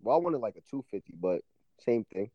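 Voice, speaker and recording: A man's voice: fairly low pitch, sing-song, brisk, no echo, highs cut off. A man in a casual chat, laid-back, sometimes reading aloud.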